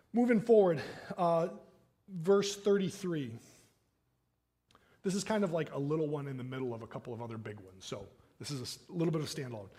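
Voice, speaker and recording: A man's voice: on the high side, a little mellow, breathy edge. A man preaching a sermon as pastor, in a casual conversational manner, often checking in with "right?". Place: church sanctuary.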